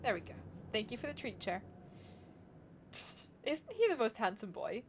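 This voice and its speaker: A woman's voice: on the high side, sing-song, moderate pace, background noise. A chatty, giggly woman, musing aloud as she streams herself playing a game. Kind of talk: casual live-stream chat while gaming.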